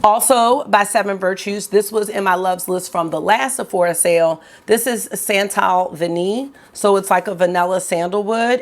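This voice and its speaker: A woman's voice: medium pitch, creaky. A woman, chatting casually and gushing to viewers as a beauty vlogger. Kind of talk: casual haul chat to camera.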